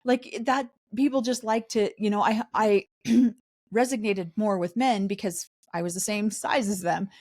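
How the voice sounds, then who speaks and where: At a measured pace and mid-range pitch, a woman who grew up in a polygamous community co-hosts a podcast recapping a reality show. The chat is casual and animated, full of mocking impressions of others.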